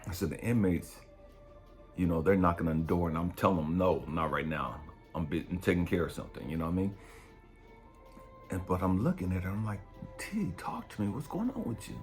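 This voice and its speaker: A man, a spiritual coach, telling a story in a blunt, profane, animated way. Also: sits low, a little fast, soft background music. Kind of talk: casual storytelling monologue.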